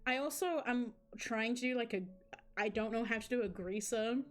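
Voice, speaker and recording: A woman's voice: a little high, moderate pace, faint music behind. A woman streamer reading a visual novel aloud and chatting with viewers in a rambling, self-mocking way, with frequent restarts.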